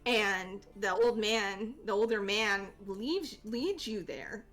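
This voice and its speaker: A woman's voice: mid-range voice, expressive, slow, fairly bright tone, faint music behind. Laid-back woman game master narrating. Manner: casual, giggly, many fillers.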